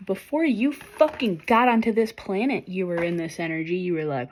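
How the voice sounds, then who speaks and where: A young woman reads tarot cards for her viewers in a loose, animated way. She swears freely and speaks straight to the people watching, pushing them to go after their purpose. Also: mid-range voice, moderate pace, slight background noise. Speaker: tarot reader. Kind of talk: casual tarot reading to camera.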